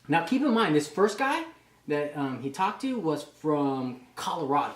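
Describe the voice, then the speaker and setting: A man's voice: on the high side, big pitch swings, moderate pace, echoey room. A young man in his twenties casually telling profane boot camp stories, laughing and acting out drill instructors, between sets in a gym. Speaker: fitness vlogger and reservist. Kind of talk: casual storytelling chat. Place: gym, indoors.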